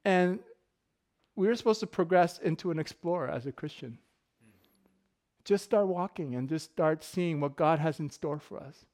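A man's voice: on the high side, moderate pace, darkish tone. A middle-aged man giving a casual sermon full of personal stories, joking and laughing often. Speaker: pastor.

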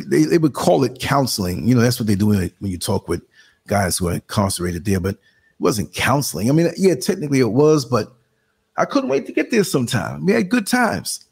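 Older new york guy hosting a live stream, gravelly and a bit husky, loose storytelling, jumps up high when he quotes people. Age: 60s. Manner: animated storyteller, acts out quotes in a higher voice, laughs often. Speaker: live show host. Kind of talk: casual live-stream chat.

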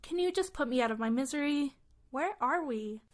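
High-voiced playfully clueless woman. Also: lively intonation, normal speed. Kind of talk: comedy sketch.

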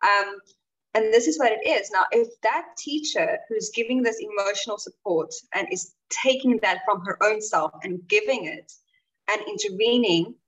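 A woman teacher talks earnestly in a casual chat, laying out her points one after another. Her voice sits at a middle pitch and sounds distant from the microphone. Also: fairly bright tone. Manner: earnest, building an argument. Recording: distant from the mic.

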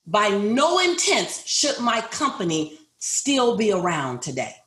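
Taking it slowly, a middle-aged woman who owns a business delivers a motivational personal story to a group, emphatic and repetitive, and addresses her listeners directly. Her mid-range voice has huge pitch swings and a fairly bright tone, recorded with a roomy echo.

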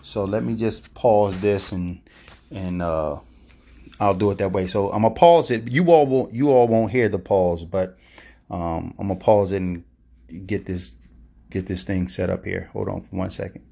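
A man's voice: low-pitched, normal speed, creaky, dark tone. A man hosting a casual solo podcast, rambling and hesitant with many fillers. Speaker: podcast host.

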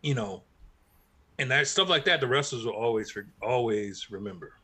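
Middle-aged guy chatting loose, bright voice, keeps restarting his sentences. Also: mid-range voice, expressive, normal speed, husky. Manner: laid-back, reminiscing, trailing restarts. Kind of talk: casual wrestling talk.

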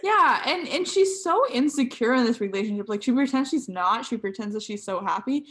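A woman's voice: on the high side, animated, fairly quick, fairly bright tone. A young woman co-hosting a casual book discussion, playful and giggly, riffing on jokes. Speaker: podcast co-host.

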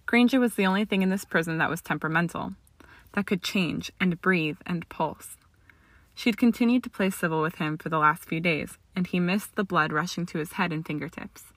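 A woman narrating a story aloud in a steady, expressive audiobook reading. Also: lowish voice, no echo. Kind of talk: audiobook reading of fan fiction.

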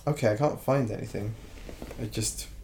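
Animated man chatting on a podcast. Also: fairly low pitch, normal speed, slight background noise. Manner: animated, laughing, self-correcting. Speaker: podcast co-host. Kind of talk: casual chat.

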